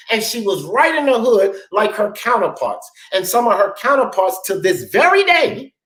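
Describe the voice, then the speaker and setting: A man's voice: high voice, fairly bright tone, echoey room, low-quality recording. A man hosting a talk show, ranting bluntly and profanely in heated commentary. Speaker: sports talk show host.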